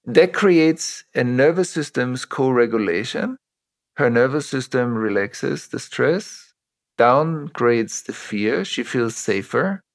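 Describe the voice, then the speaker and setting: Middle-aged guy, mid voice, slow thoughtful explaining, podcast guest vibe. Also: mid-range voice, lively intonation. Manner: measured, explanatory, uses personal examples. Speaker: interview guest, trauma teacher. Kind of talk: reflective interview talk.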